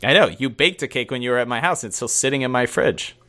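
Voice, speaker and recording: A man's voice: mid-range voice, expressive, fast talker, bright, forceful tone. Male podcast co-host, wry, reads fan mail with laughs. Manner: wry, laughs while reading aloud. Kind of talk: casual podcast chat, reading listener submissions.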